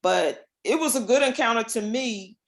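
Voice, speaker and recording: A middle-aged woman joins a video call as a guest. She speaks slowly and hesitantly, pausing often on fillers. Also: fairly high pitch. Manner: hesitant, unhurried, many fillers. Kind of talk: casual video call chat.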